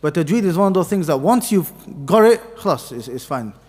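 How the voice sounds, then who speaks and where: A man's voice: fairly high pitch, big pitch swings, brisk, a little mellow. Man teaching in a reverberant mosque hall. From Pakistani heritage. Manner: patient, repeats letters for students to copy. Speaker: tajweed teacher. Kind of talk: mosque class lesson.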